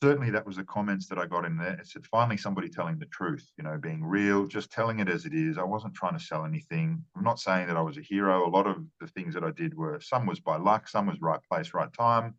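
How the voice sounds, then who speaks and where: A man with a very low voice gives earnest interview answers. He often repeats words and restarts his phrases. The sound is dull and lo-fi. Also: fast, few pauses, fairly bright tone. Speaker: marketing strategist guest.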